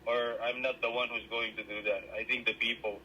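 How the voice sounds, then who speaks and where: A man's voice: medium pitch, little pitch movement, a little fast, sharp tone, muffled recording, a little hiss or hum. A man with a Filipino accent speaking modestly in an interview, switching between Tagalog and English. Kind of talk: casual interview.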